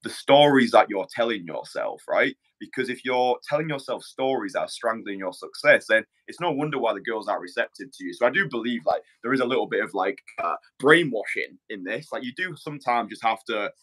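A man's voice: medium pitch, animated, fairly quick, few pauses, fairly bright tone. A man hosting a podcast as a dating coach, talking bluntly in casual chat, swearing and restarting his sentences.

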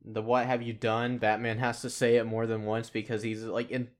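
A man's voice: mid-range voice, monotone, normal speed. A man co-hosting a casual podcast chat, laughing often, restarting his sentences and acting out quotes. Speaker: podcast co-host.

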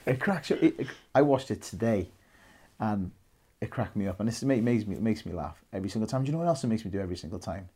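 A man's voice: lowish voice, lively intonation, fast talker, dark tone, slightly rough. A Welsh man in his thirties co-hosting a casual film podcast, chatty and rambling, laughing often. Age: 30s. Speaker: podcast co-host.

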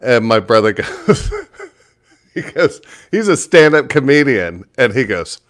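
A man and stand-up comedian, telling a profane story in casual chat and jumping into high voices for other people. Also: sing-song, measured pace.

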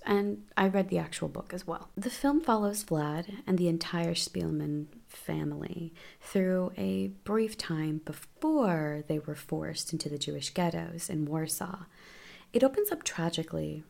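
A woman's voice: on the low side, gravelly, a little mellow. A woman casually recapping film plots, chatty and offhand, with asides and self-corrections.

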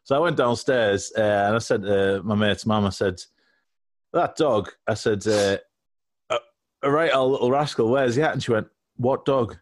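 A man's voice: medium pitch, moderate pace. Man telling a cheeky story. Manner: rambling, cheeky, laughs at his own jokes. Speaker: podcast co-host. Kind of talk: casual comic storytelling.

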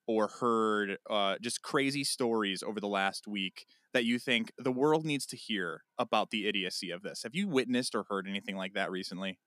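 A man co-hosting a casual chat podcast, telling an animated story and acting out a phone call. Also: fairly low pitch, normal speed, few pauses, dry recording, studio quality. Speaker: podcast co-host.

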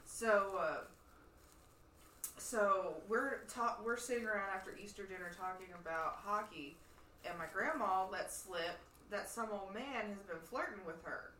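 Young woman, bright high-ish voice, animated storyteller, recorded off-mic in a roomy space with faint ambience. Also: measured pace, distant mic, slight background noise. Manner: animated storyteller, laughs often. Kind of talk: casual chat.

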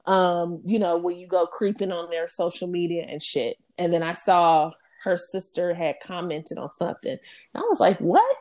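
A woman's voice: fairly low pitch, flat delivery, moderate pace, darkish tone. A woman in her thirties, co-hosting a podcast, chatting candidly and telling stories with lots of laughter and acted-out quotes. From Western Washington. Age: 30s. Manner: chatty storyteller, laughs often, acts out quotes. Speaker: podcast co-host. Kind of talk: candid casual chat.

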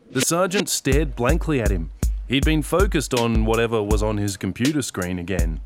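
A man reading a novel-length audio story as narrator, measured and dry. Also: medium pitch. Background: guitar music.

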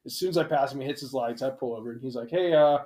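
A man in casual chat, telling animated stories with heavy swearing. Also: mid-range voice, racing. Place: Big Bear area, California.

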